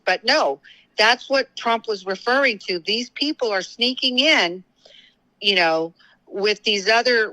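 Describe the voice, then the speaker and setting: A woman with a bright, forceful voice talks politics as a guest on a show. She sounds tired and rambles, stopping and restarting her sentences with plenty of fillers, and her words come out heated. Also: mid-range voice, low-quality recording. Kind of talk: casual political talk.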